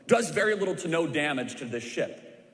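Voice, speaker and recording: A man's voice: a little high, sing-song, normal speed, fairly bright tone. A man telling a history story to a church crowd with emphatic, repeated punchlines. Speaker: speaker at a church civics event. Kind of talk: preaching a history story to a live audience. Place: large church auditorium. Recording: echoey hall with long reverb.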